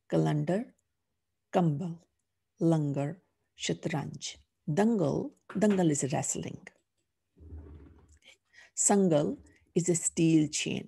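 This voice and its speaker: A woman's voice: deep voice, vocal fry, dark tone, husky. A middle-aged woman teaching a language class, patiently sounding out each letter before saying the whole word. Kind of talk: slow, patient phonics lesson.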